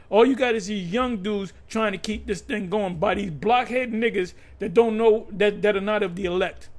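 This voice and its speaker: A man with a notably high-pitched voice delivers a fiery, profane preaching rant. He is combative and emphatic, often restarting and repeating words as he pushes his point. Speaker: religious teacher.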